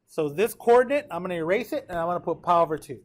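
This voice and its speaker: A man's voice: high voice, lively intonation, fast talker. A man teaching a math class in a classroom, talking casually and checking in with his students often. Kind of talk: classroom lecture.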